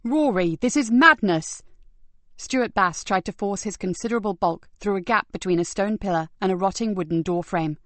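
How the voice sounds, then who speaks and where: A woman narrating a crime thriller audiobook in a steady, measured storytelling manner. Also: mid-range voice, no room sound. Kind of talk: scripted crime novel narration.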